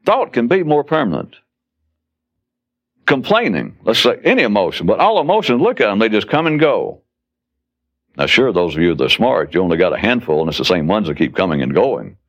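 A man's voice: on the low side, sing-song, a little fast. A man giving a spoken philosophical talk in a wry, conversational way, now and then acting out quoted outbursts. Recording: dull lo-fi recording.

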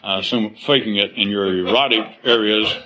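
Animated man giving a rambling talk. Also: on the low side, moderate pace, low-quality recording. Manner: animated, acts out quoted voices with laughter. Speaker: speaker addressing a live audience.

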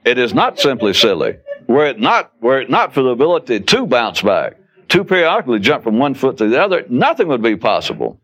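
A man's voice: medium pitch, huge pitch swings, a little fast, a bit bright. A man giving a spoken philosophical talk in a wry, conversational way, now and then acting out quoted outbursts. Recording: dull lo-fi recording.

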